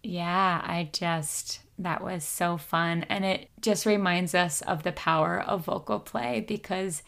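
Soft-spoken woman on a zoom call, leading vocal play nice and slow, calm and soothing. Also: fairly low pitch, vocal fry. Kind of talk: gentle guided podcast chat on a video call. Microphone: video call.

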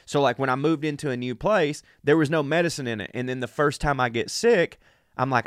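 A sick man from the American South talks in a crude, rambling, self-deprecating comic monologue, a little out of breath. His voice sits at an ordinary pitch for a man. The sound is dry and close, with no room echo. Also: a little fast, fairly bright tone, clear, resonant tone. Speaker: podcast host. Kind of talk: casual comedic monologue.

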